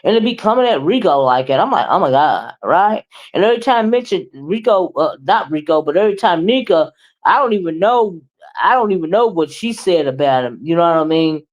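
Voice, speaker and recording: A woman's voice: lowish voice, brisk, dull audio. Sassy woman with a drawl. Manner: sassy, expressive, drawling commentary. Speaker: livestream commentator. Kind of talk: casual livestream commentary.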